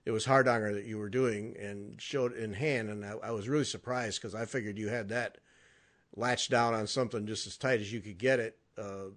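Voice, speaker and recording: A man hosting a crafts podcast, talking in a relaxed, drawling way and trailing off with fillers. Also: lowish voice, normal speed. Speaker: podcast host. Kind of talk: casual interview chat.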